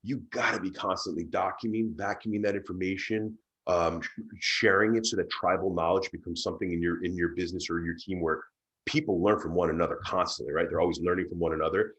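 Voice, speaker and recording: A man's voice: sits low, steady tone, fast talker, a bit bright, highs cut off. A man speaking as a guest on a business panel, enthusiastic and emphatic, often repeating words as he talks. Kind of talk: conversational panel talk.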